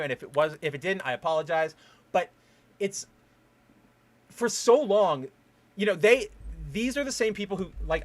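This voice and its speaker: Male podcast host on a fired-up solo rant; a touch high, swears freely, trips over restarts. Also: fairly bright tone. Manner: heated, profane ranting with frequent restarts.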